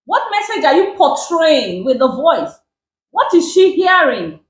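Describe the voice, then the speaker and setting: A woman with a Nigerian accent giving relationship advice on a talk show, animated and emphatic and repeating her points. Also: sits high, measured pace. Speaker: relationship guest. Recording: roomy echo.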